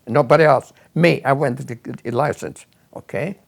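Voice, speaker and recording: A man's voice: fairly high pitch, normal speed, vocal fry. An older man, telling his life story in a rambling, repetitive way and acting out the people he quotes. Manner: rambling, repeats words, animated when quoting others. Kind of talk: casual storytelling.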